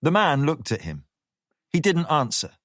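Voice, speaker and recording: A man narrating a thriller audiobook in a measured, expressive reading. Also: fairly high pitch, no echo, clean studio sound.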